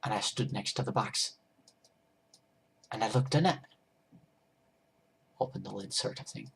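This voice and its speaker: Husky rambling doodle-story narrator. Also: male voice, fairly low pitch, unhurried, a bit bright. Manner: rambling, goofy, self-interrupting while drawing. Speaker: storyteller and drawer.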